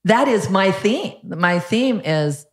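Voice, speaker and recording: A woman's voice: medium pitch, slow pace. An older woman, a podcast guest, telling a story and acting out what others said. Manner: lively storyteller who acts out quotes. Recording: roomy echo.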